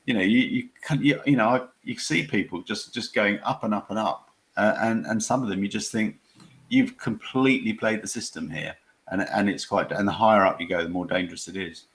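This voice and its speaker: A man with a very deep voice answers interview questions over a video call. He speaks haltingly, restarting sentences and doubling up words. He talks as a crime author who once served as a police officer. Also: a bit bright.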